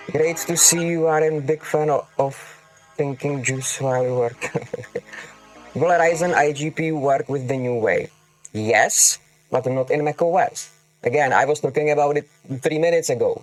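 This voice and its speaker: A man with a non-native English accent hosting a livestream, answering chat questions in an emphatic, teasing way and calling viewers darling. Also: a little high. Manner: emphatic, calls viewers darling, repeats "okay? got it?". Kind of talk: casual livestream Q&A. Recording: faint music under voice. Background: background music.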